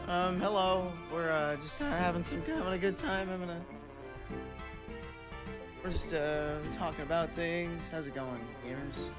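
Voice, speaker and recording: A man's voice: fairly high pitch, unhurried. A man streaming, chatting casually with viewers, joking crudely and reading chat aloud. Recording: background music under voice. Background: game music.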